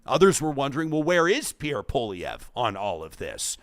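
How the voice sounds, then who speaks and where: A Canadian man hosting a political talk show, speaking emphatically and reading quotes aloud with a lively voice. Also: medium pitch, moderate pace, few pauses, no room sound, clean studio sound.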